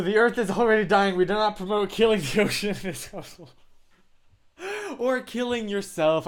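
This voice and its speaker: A man chatting casually on a live stream, rambling through tangents with lots of fillers. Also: high-pitched. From United States.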